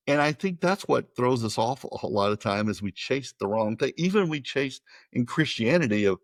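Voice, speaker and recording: A man's voice: medium pitch, expressive, moderate pace, no room sound. An American man hosting a podcast, chatting casually and rambling, often repeating words as he starts a sentence. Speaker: podcast host.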